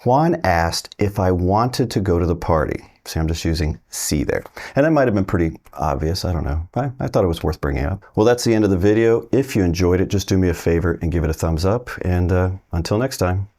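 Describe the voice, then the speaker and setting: A man teaching a casual video lesson, explaining slowly and loosely with plenty of fillers. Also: low voice, animated, darkish tone. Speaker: Spanish teacher.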